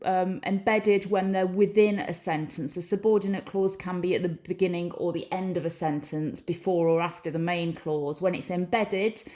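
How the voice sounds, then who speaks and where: A woman's voice: medium pitch, a little mellow. A patient woman teacher. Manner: clear, patient, reads example sentences aloud. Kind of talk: recorded classroom lesson.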